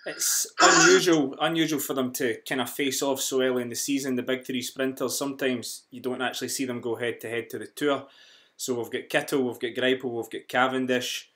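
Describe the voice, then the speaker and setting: A man with a West of Scotland accent, hosting an interview in a friendly, measured way with some fillers. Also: medium pitch, steady tone, pushed and bright. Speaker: host.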